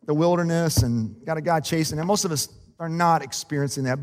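A man who is a pastor, preaching a sermon in a relaxed, conversational and self-deprecating way, laughing often. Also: fairly high pitch, a little fast, big-room sound. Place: church sanctuary.

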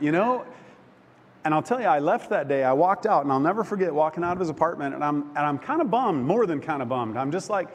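A man preaching a sermon, telling a personal story with emotion, halting and restarting often. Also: a little high, animated. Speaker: pastor. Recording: long hall reverb, faint background noise.

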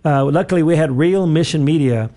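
A man's voice: on the high side, a little fast, mellow. A man hosting a radio talk show, leading a prayer and chatting in a rambling, self-correcting way with easy chuckles.

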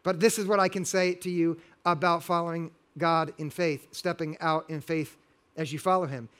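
A man's voice: on the high side, steady tone, normal speed, a bit bright. A middle-aged male pastor preaching a sermon, earnest and building to emphatic exhortation.

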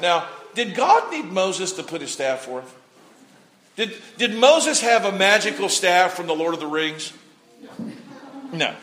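High-voiced male preacher, animated storyteller, sermon. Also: a little slow, long pauses. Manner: animated storytelling, voices people, repeats words, shouts at peaks.

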